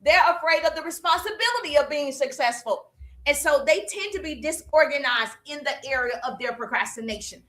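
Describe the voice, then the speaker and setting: A woman from the American South with a Southern accent, a business coach giving an energetic motivational talk on a live stream, repeating phrases and speaking straight to her viewers. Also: high-pitched, brisk.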